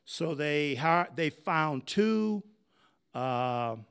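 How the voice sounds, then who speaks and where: Lively older man telling history. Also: on the high side, very slow, smooth. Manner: animated, conversational, asks the audience questions. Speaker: history speaker. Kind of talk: digressive storytelling history talk.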